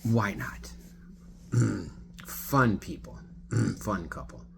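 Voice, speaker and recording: A man who drives for a ride app telling a story in a rambling, casual way, often clearing his throat. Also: fairly low pitch, extremely slow, a little hiss or hum. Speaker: rideshare driver.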